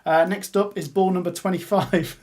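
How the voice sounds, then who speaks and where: A man streaming live as he reads out a cup draw. He talks in a chatty, excitable way, breaks into laughter, and keeps urging viewers to comment and subscribe. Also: high voice, moderate pace. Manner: chatty and excitable, laughs often, calls out the results. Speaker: streamer hosting a live watch-along.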